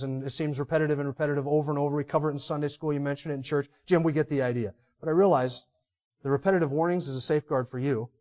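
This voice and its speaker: A man preaching an expository sermon as pastor, passionate and emphatic, swinging between loud stresses and hushed asides. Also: a little high, muffled recording.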